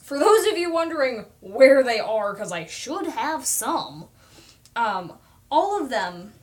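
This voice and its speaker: A young woman chatting casually on a livestream while she paints, talking through her process, reading viewer comments aloud and poking fun at herself. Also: medium pitch. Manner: chatty, self-deprecating, reads out viewer comments.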